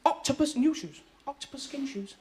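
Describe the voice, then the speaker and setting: Rambling stand-up comic. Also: female voice, sits high, a little fast. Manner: rambling, excitable, laughing at own jokes. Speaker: stand-up comedian. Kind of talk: stand-up comedy. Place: live TV studio with audience. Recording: noisy live studio with loud crowd.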